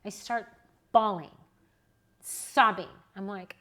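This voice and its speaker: Woman, 40s, newborn educator; animated, chatty storyteller with a mid-range voice. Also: mid-range voice, normal speed. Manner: animated, chatty, personal anecdotes. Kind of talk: casual storytelling to a live audience.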